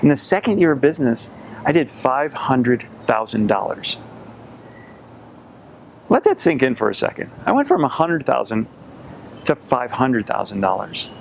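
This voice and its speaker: Gravelly man telling a personal story. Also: mid-range voice, big pitch swings, a little hiss or hum. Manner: earnest, reflective storytelling with pauses. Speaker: sales coach. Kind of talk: storytelling to camera.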